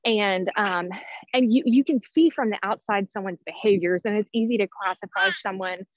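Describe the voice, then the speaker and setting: Mid-range in pitch and moderate in pace, this woman's voice has no echo. She's in her thirties, a personality-type teacher guesting on a podcast, sounding breathless and talking casually with many fillers and restarts over dull, dry lo-fi sound.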